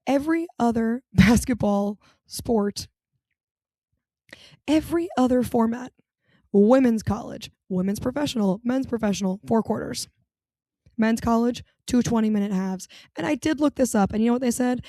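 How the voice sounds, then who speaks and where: A woman's voice: a little high, normal speed, warm tone, dry recording. A young adult woman hosting a solo podcast, talking casually and animatedly, swearing and laughing often. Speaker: podcast host.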